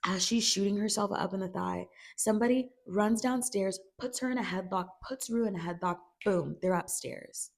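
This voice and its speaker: A woman's voice: mid-range voice, moderate pace, few pauses. Chatty woman giving a casual recap. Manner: chatty, filler "like", acts out characters' quotes. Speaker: video creator recapping a TV series.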